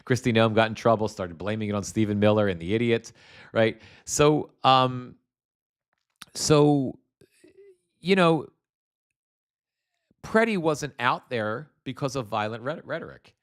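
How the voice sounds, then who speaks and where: A man with a medium-pitched voice talks at a measured pace, pausing often. He's middle-aged, from New Jersey, and runs a political livestream where he rants profanely and casually, stumbling through restarts and fillers while reading out chat comments.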